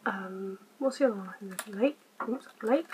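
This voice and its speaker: A woman hosting a casual let's-play, quietly reading game text aloud and muttering her choices. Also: mid-range voice, measured pace, heavy background noise. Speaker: gaming channel host.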